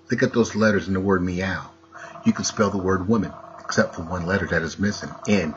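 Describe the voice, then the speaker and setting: A man's voice: low voice, normal speed, highs cut off, a little hiss or hum. A man delivering a rambling, preachy monologue full of wordplay and rhetorical questions.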